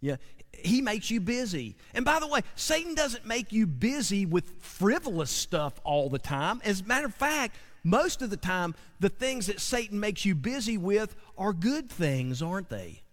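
A man preaching a sermon, animated and full of call-and-response asides to the congregation. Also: high-pitched, normal speed. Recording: long hall reverb.

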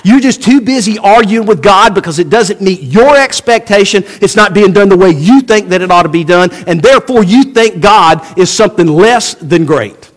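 A male pastor delivers a sermon in an animated preaching manner. His voice sits high and swings widely in pitch. He keeps asking the congregation rhetorical questions and acts out the people he quotes. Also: normal speed, hardly any pauses.

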